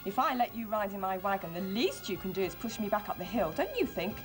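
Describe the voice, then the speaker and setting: A woman's voice: mid-range voice, big pitch swings, fast, music in the background, close to an everyday voice. A woman voicing a bossy, selfish male bear in a storybook reading, talking in a demanding, pushy way.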